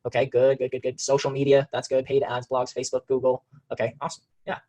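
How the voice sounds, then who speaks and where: A man's voice: medium pitch, completely flat delivery, quick pace, warm tone, muffled recording. A man teaching a live online marketing webinar. He talks energetically to the chat, reads out viewers' names and often repeats and restarts his phrases. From Phoenix area, USA.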